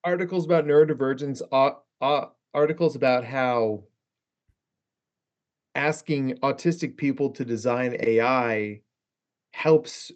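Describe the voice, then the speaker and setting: A man's voice: medium pitch, measured pace. A man who is a guest therapist on a podcast, telling long rambling stories in a casual chat, swearing freely and saying "like" and "right?" a lot.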